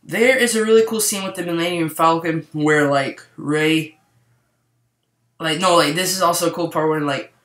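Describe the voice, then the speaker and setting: A young man rambling excitedly through a casual movie review, full of fillers and restarts. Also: a little high, normal speed. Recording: echoey room.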